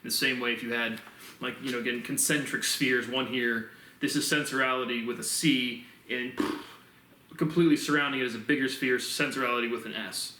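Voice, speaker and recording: A man's voice: medium pitch, steady tone, fairly quick, sharp tone, recorded from a distance. A man musing aloud in a meandering solo monologue, restarting phrases often as he explains his own theory. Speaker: self-published theorist explaining his framework. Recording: roomy echo, voice off-mic.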